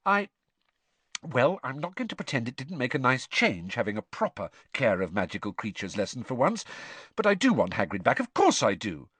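A man's voice: mid-range voice, wildly swooping pitch, normal speed, fairly bright tone, husky, no echo, heavily acted. A man voicing a clever, earnest teenage witch girl who sounds anxious.

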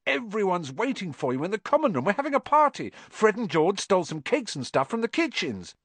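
A boisterous, excitable teenage schoolboy, played by a man in a storybook reading, loud and gushing. His voice jumps high above the narration and swings widely. Recorded close and dry. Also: a little fast, no room sound, heavily acted. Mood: excited.

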